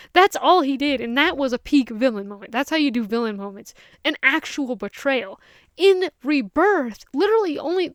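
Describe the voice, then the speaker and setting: A woman giving a casual, animated film review, ranting and acting out characters' lines as she goes. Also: high-pitched, no echo, studio quality. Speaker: movie reviewer.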